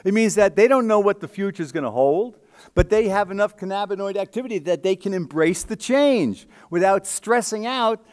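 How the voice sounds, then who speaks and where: A man's voice: sits high, lively intonation, normal speed, a little mellow. A man giving an emphatic, conversational scientific talk at a conference, often checking in with the audience.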